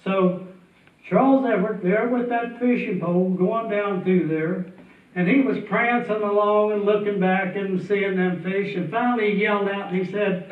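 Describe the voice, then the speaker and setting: Guy telling a tall tale, folksy and chuckly, high voice, tinny and far off in a roomy hall. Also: moderate pace. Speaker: storyteller. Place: festival stage before an audience. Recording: tinny, distant, echoey hall sound.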